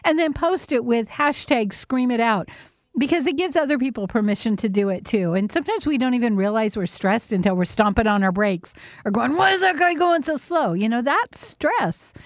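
Lively high-voiced woman hosting a chat. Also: normal speed, no room sound, clean studio sound. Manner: animated, laughs often, acts out quotes. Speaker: host. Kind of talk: casual chat.

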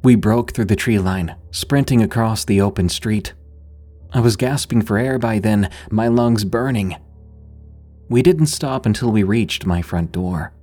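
A man reading a scripted horror story in a measured, suspenseful way. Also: fairly low pitch, mellow, soft background music.

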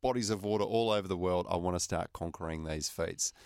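A man's voice: low-pitched, fast talker, darkish tone, clean tone, dry recording, clean studio sound. A man hosting a radio interview, with many ums and uhs. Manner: hesitant, many fillers. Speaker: radio show host.

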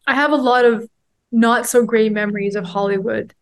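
A woman in her forties, appearing as a podcast guest, shares a personal story candidly, heartfelt and rambling with many fillers. Her voice is on the high side with fairly even intonation and a moderate pace.

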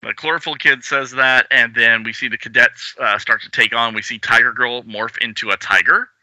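A man's voice: medium pitch, steady tone, moderate pace, bright, forceful tone, no echo, rough recording. A man hosting a casual chat about comics, reading panels aloud and laughing along. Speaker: podcast host. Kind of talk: casual comic-book discussion.

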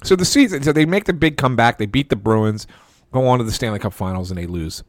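Speaking quickly with lively intonation, this man hosts a sports podcast and spins a lengthy, chatty story full of restarts and quoted lines. His voice sits in the mid range, and there's no room sound.

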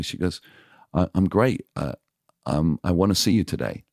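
Seasoned radio DJ as podcast guest, frank and animated, voices the people in his stories; rumbling low pitch, dead-dry room. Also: fairly quick, creaky, no echo. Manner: animated, acts out quoted dialogue; frank, confessional. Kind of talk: casual storytelling in interview.

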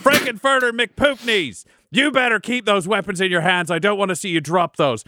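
A man's voice: sits high, normal speed, bright, forceful tone, no room sound, clean studio sound, voice pushed up. A man voicing a commanding female leader of the were-folk, giving a bossy rallying speech. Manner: rallying, bossy pep talk.

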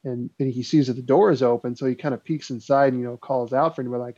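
A man with a medium-pitched voice talks fast, barely pausing, as he spins an old spooky tale in a casual chat. He's a relaxed, rambling storyteller full of ums and likes, and the lo-fi recording sounds somewhat dull and muffled.

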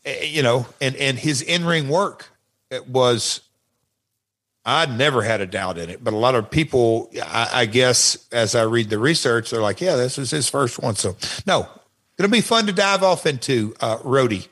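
A man's voice: mid-range voice, animated, normal speed, fairly bright tone. Rambling older Southern man. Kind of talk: casual wrestling podcast chat.

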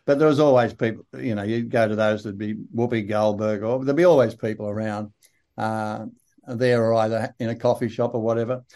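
A man's voice: on the low side, fairly even intonation, fairly quick, mellow. Laid-back older Australian man. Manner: laid-back, dry humour, rambling anecdotes. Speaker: guest. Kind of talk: casual interview storytelling.

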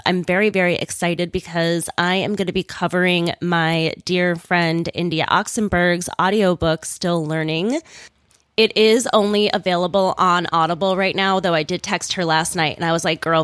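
A woman hosts her podcast from home in a low, still-groggy morning voice. She chats candidly and wanders off on tangents with small laughs. The sound is dry and close. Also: a bit bright, no echo. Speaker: podcast host. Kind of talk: casual solo podcast talk.

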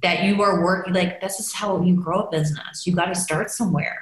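A woman's voice: fairly low pitch, fairly even intonation, brisk. A woman life coach who is a guest on a podcast and talks in a reassuring, encouraging and direct way. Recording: roomy echo.

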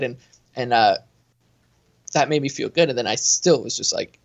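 A man co-hosting a casual sports chat, telling his story in a rambling, self-interrupting way. His voice sits at a middle pitch, and the recording sounds muffled and lo-fi. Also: lively intonation, moderate pace. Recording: dull lo-fi sound.

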